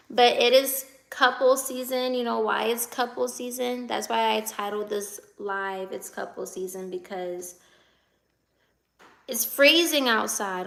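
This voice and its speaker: A woman in her twenties from the United States chats casually on a live stream, reading viewer comments aloud, answering them and laughing often. Her mid-range voice is gravelly and a bit bright.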